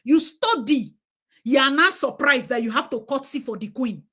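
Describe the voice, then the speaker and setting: High-voiced Nigerian woman, emphatic. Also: animated, normal speed, sharp tone, husky. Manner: emphatic, switching into Nigerian Pidgin. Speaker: live-stream host. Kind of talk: opinionated commentary to viewers.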